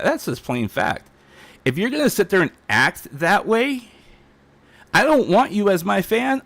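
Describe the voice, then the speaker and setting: A man's voice: high voice, gravelly, a bit bright, dry recording. A man streaming a defiant, heated rant, repeating himself as he talks. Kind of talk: ranting livestream monologue.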